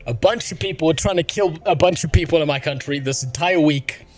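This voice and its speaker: A man's voice: a little high, brisk, faint music behind. A sick, medicated man from Africa, rambling and swearing through casual livestream chat as the host. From South Africa. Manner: profane, excitable, rambling. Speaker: streamer.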